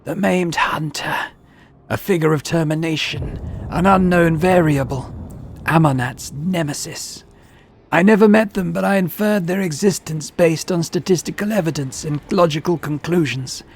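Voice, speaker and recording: Dying half-machine tech-priest. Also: female voice, low-pitched, normal speed, slight background noise. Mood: cryptic. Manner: cold, clipped, machine-like speech. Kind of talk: video game voice acting.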